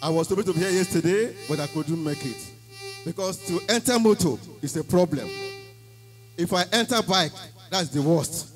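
A man's voice: on the high side, moderate pace, over music, rough recording. A man with a Nigerian accent giving an emphatic church testimony, slipping into Pidgin phrases as he tells his story.

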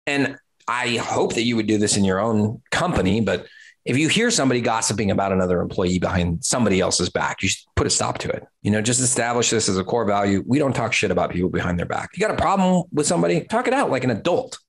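Blunt, emphatic agency owner. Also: male voice, fairly low pitch, lively intonation, quick pace. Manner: blunt, emphatic, swears casually, repeats words for emphasis. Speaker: agency owner giving business advice. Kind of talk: direct-to-camera business talk.

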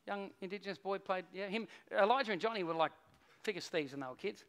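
A middle-aged man, preaching a sermon as a pastor and telling a story, swinging between hushed and loud. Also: sits high, fast talker.

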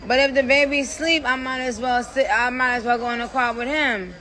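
A woman's voice: high-pitched, steady tone, brisk, pushed and bright, a little hiss or hum. A woman hosting her own live stream from her phone, talking loosely and playfully, swearing and trailing off mid-sentence. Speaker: livestream host. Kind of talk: casual livestream chat.

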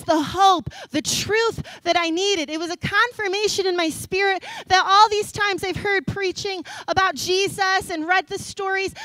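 Woman, high voice, dry sound, kids' pastor sermon, animated storyteller. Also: no room sound, poor audio. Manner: animated storytelling, laughs often. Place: church stage.

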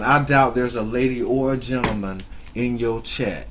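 A man giving mocking reaction commentary on another streamer's clip, scolding her with drawn-out asides. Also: medium pitch, slight background noise. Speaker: YouTube commentator.

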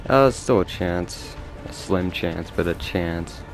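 An Australian man giving live commentary over his own game, swearing and mocking himself with sudden excited outbursts. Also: low voice, takes it slowly. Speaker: gameplay commentator. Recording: game music loud behind voice.

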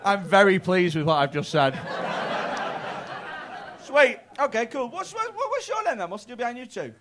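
A man in his thirties working the crowd on a comedy club stage. His voice sits high for a man and swings all over, and he talks in quick, sweary bursts full of stammered restarts. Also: big pitch swings, noisy background. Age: 30s. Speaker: stand-up comedian doing crowd work. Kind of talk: stand-up crowd work.

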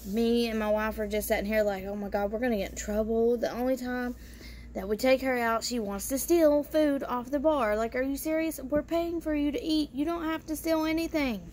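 A woman's voice: high voice, fairly even intonation, normal speed, a little mellow, a little hiss or hum. A woman vlogger telling a family story in casual style, bluntly and with free swearing. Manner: blunt, swears freely, lots of "you know" fillers.

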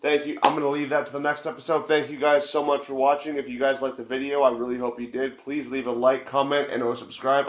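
A man giving crude, joking commentary while playing a game, talking back to the characters. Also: mid-range voice. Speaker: let's play gamer. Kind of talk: casual gameplay commentary. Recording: dull, echoey home recording with game music.

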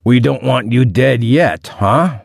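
A man voicing a heavyset, menacing kidnapper boss who interrogates slowly and deliberately in an audiobook. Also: medium pitch, vocal fry, breathy edge, dry recording, studio quality, voice pushed up, heavily acted. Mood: gruff. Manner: slow, heavy, deliberate questioning.

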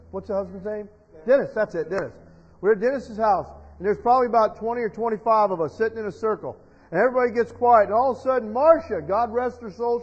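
A man preaching a sermon as pastor, telling stories and building to loud, emotional preaching. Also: sits high, slightly rough. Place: church sanctuary. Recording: dull sound in a reverberant church hall.

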